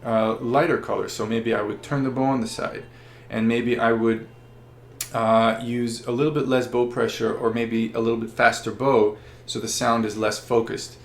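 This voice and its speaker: Guy explaining violin stuff patiently, gravelly voice, echoey room. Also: medium pitch, flat delivery, moderate pace, a little hiss or hum. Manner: patient, explanatory, with frequent fillers. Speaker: violin teacher. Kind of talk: instructional explanation. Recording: roomy echo.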